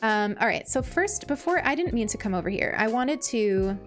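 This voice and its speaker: Bubbly higher-pitched woman streamer. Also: lively intonation, moderate pace. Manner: gushing, thanks viewers with many fillers. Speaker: streamer reading chat. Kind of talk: casual live-stream chat. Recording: faint background music.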